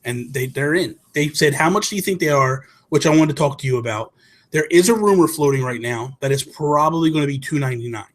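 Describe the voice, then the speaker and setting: A husky-voiced man hosts a relaxed gaming talk show. He tells stories excitedly, rambling and correcting himself as he goes, in a casual conversational tone. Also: mid-range voice, quick pace. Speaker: podcast host. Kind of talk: casual chat, storytelling.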